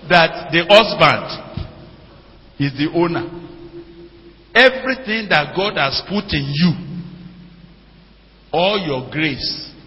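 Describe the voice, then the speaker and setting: A man's voice: high voice, sharp tone. A middle-aged man, preaching a sermon as pastor and putting questions to the congregation. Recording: dull lo-fi church hall with long reverb.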